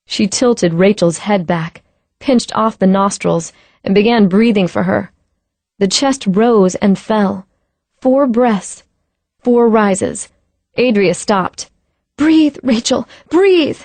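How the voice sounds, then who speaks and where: A woman narrates a suspenseful audiobook scene with measured, dramatic pacing and a mid-range voice. The studio recording is close and dry. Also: mid-range voice, darkish tone, dry recording. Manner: tense, dramatic storytelling. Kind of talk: scripted narration.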